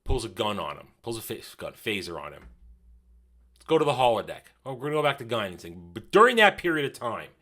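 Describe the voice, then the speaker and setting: Bright-voiced man reviewing an episode. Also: mid-range voice, big pitch swings, a little fast. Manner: rambling, self-correcting, quotes scenes in paraphrase. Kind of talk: casual spoken review.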